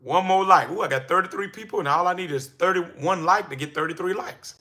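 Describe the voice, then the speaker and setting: A man coaches his live-stream audience in a high, very bright voice. He talks energetically and preaches, now and then breaking into excited shouts. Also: brisk. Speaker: livestream host and business coach. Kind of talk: live-stream coaching talk to chat viewers.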